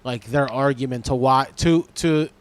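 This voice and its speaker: A comedian guest on a podcast, talking casually and halting often, repeating words as he searches for them. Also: mid-range voice, a little hiss or hum. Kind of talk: casual conversation.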